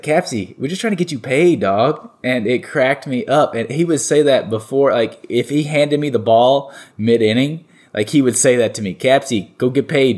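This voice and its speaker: A young man from North Carolina, a baseball player, telling stories in a relaxed interview, rambling with lots of fillers and restarts. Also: mid-range voice. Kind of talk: casual interview storytelling.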